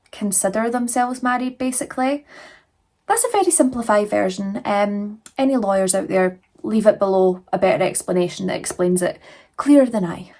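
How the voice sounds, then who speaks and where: A woman's voice: mid-range voice, dark tone. A woman casually narrating a true crime case, chatty, with asides to viewers.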